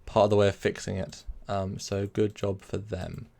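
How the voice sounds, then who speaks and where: His voice is lowish and mellow, with vocal fry, a level tone, and normal speed. He's hosting an easygoing live stream, rambling, revising what he says, and reading chat messages aloud in response.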